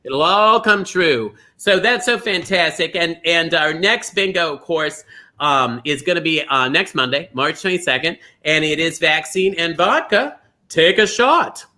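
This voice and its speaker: High, bright-voiced chatty bingo host man. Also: expressive, a little slow. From Minnesota. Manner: gushing, greets viewers by name. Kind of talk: chatty livestream hosting.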